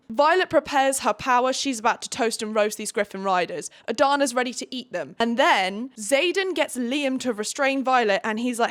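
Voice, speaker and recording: A woman's voice: fairly high pitch, expressive, fairly quick, few pauses, a bit bright. A woman giving a casual, sarcastic book recap, with chatty, dramatic asides. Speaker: book reviewer.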